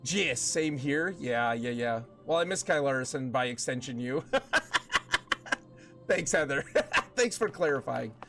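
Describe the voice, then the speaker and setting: A man at mid pitch chatting loosely on a live game stream, drifting into long anecdotes and circling back on his words. Game music plays clearly underneath him the whole time. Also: expressive, normal speed. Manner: rambling, chatty storytelling with frequent restarts. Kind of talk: casual live-stream chat while gaming.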